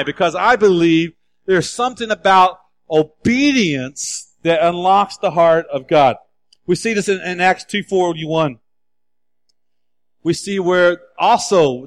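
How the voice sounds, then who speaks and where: Man, pastor, high-pitched, preaching sermon, animated, acts out bible scenes. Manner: animated preaching, acts out scripture dialogue with emphatic repeats.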